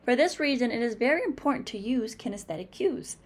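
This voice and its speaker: A woman's voice: fairly high pitch, animated. A woman with a Massachusetts accent teaching a phonics lesson, carefully sounding out example words one by one. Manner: slow, deliberate, over-articulating example words.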